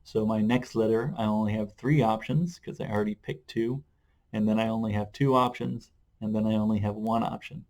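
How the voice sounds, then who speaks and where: A man's voice: fairly low pitch, brisk. Man teaching a math lesson. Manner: relaxed explaining with frequent "uh" fillers. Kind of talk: video lesson.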